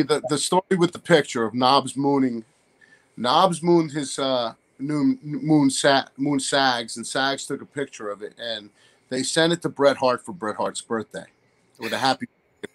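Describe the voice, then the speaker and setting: A man's voice: mid-range voice, fairly bright tone. A man as an interview guest, telling crude stories in a rambling way and laughing through them. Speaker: guest, wrestler. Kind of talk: casual storytelling interview.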